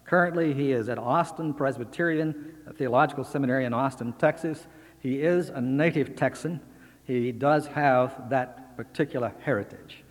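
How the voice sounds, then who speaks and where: A man formally introducing a guest lecturer, speaking in a measured, slightly halting way. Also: mid-range voice. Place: lecture hall. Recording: long reverb from a large hall.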